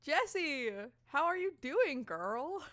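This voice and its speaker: A woman voicing a brisk, overworked female campaign manager in a dating game. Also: mid-range voice, fairly bright tone, no room sound, studio quality, lightly acted. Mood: upbeat.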